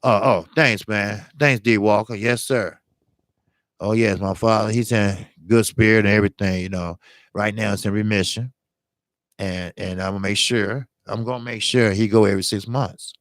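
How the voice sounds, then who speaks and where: A man's voice: lowish voice, fairly even intonation, normal speed, fairly bright tone, no echo. A man hosting a boxing channel, talking casually on a live stream in an earnest, blunt way and repeating himself for emphasis.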